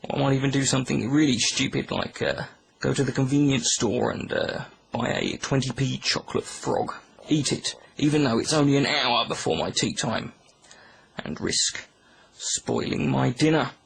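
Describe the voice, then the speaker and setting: A British man delivering a deadpan, mock-angry comedic rant to camera, overblown and dry. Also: medium pitch, normal speed, creaky, husky, rough recording. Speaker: YouTuber.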